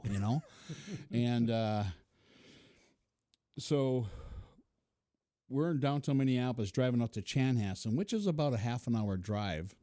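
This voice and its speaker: A man's voice: mid-range voice, very animated, moderate pace, dark tone, no room sound, studio quality. A middle-aged man telling a personal story in an interview, chuckling often and acting out what people said. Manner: chuckling, vivid, acts out quotes. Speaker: interview guest.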